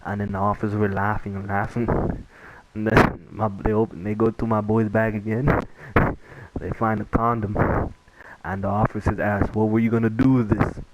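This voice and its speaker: Low flat-voiced young man rambling. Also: moderate pace, very noisy. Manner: rambling, repeats himself, many fillers. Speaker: vlogger. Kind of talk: casual story time.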